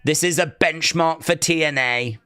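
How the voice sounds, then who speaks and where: A man hosting a live watch-along stream, chatting in a rambling, excitable way and reading viewer comments aloud. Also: a little high, moderate pace, clear, resonant tone, dry recording, studio quality.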